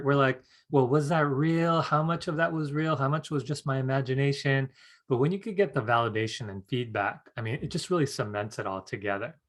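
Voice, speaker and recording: A man teaching a live online psychic class, talking in a relaxed, chatty way and reading viewer comments aloud. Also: mid-range voice. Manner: soothing guided-meditation tone. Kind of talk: casual live-stream teaching.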